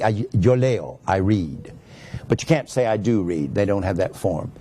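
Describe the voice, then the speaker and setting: A man's voice: mid-range voice, dark tone. A man, a pastor, teaching a sermon that explains grammar step by step and stresses his points.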